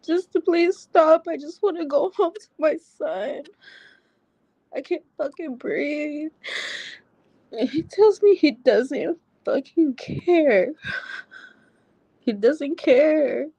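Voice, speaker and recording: Slow-talking woman recounting a painful ordeal. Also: high voice, lively intonation, warm tone, no echo, highs cut off. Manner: halting, with many ums and restarts, swearing when upset. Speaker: guest telling her story. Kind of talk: emotional first-person account.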